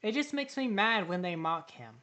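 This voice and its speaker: A woman's voice: medium pitch, lively intonation, moderate pace, fairly bright tone. A woman hosting a reaction video, talking back indignantly to the clip she watches. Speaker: reaction channel host. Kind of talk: casual reaction commentary.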